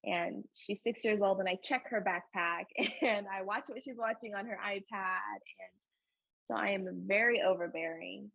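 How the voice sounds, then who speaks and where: A young woman talking openly as a podcast guest, her voice husky with a gravelly fry at the ends of phrases. She speaks earnestly and with feeling, with plenty of fillers. The sound is dry and a little dull. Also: medium pitch, normal speed, a bit bright, no room sound. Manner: earnest and emotional, frequent fillers and laughs. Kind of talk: candid conversational interview.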